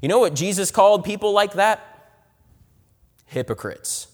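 A man delivering a sermon in a fairly high voice, his lines rising to loud emphasis and dropping to hushed, low asides. The sound carries a long hall reverb. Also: animated, moderate pace. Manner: dynamic, swings between loud emphasis and soft low asides. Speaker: preacher.

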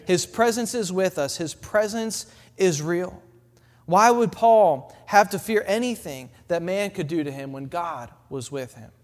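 A man with a high, light voice delivers an evening sermon in a church, the sound trailing off in a long hall reverb. He builds through repeated phrases and lets his voice fall quiet and gentle when giving quoted words of comfort. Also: animated, measured pace. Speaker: preacher.

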